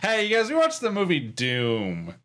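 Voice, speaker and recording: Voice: medium pitch, wildly swooping pitch, normal speed, a bit bright. A co-host in a casual chat, teasing the others and laughing often. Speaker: podcast co-host.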